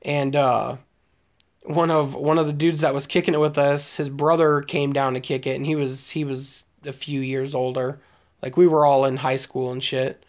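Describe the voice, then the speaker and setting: A man in his late twenties from Omaha, Nebraska, in the United States, chats casually with stream viewers and tells crude, rambling stories. He speaks at a moderate pace in a mid-range, flat voice, his profane tales peppered with fillers and laughs.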